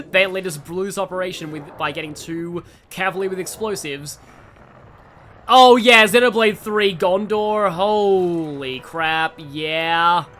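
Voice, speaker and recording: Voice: medium pitch, takes it slowly, a bit bright. A let's player giving casual, rambling gameplay commentary full of digressions.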